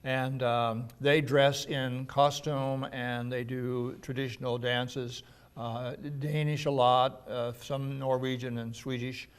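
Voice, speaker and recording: Man, medium pitch, friendly guest explaining things with easy laughs. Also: flat delivery, slow pace, clear, resonant tone. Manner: chatty, explanatory, laughs often. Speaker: festival organizer guest. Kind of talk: casual interview chat.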